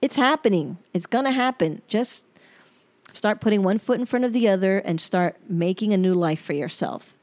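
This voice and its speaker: A woman's voice: medium pitch, normal speed, a little mellow. A woman hosting her own podcast, talking in a candid, reflective and rambling way. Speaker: podcast host. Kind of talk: personal podcast monologue.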